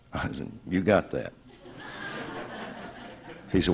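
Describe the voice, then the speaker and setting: A man's voice: extremely low pitch, creaky, husky. A man telling a personal story, acting out both sides of remembered conversations. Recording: dull lo-fi recording.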